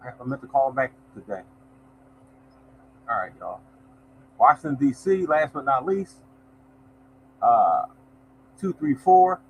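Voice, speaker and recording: With a mid-range voice full of big pitch swings, a man speaks at a measured pace with long pauses. The recording is muffled with slight background noise as he hosts a casual lottery numbers livestream, reading numbers and addressing viewers as y'all.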